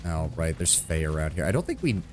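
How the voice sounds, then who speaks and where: Swearing, excitable male game streamer. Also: a bass voice, a little fast, soft background music. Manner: profane, excitable. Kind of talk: casual gameplay commentary.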